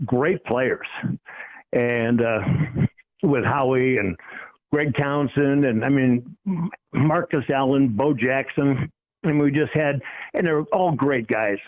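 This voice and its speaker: A man from Cleveland, a former football player, telling stories as a podcast guest with chuckles, self-deprecating jokes and halting restarts. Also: medium pitch, narrow, tinny audio. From Cleveland, USA. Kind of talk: casual storytelling on a sports podcast.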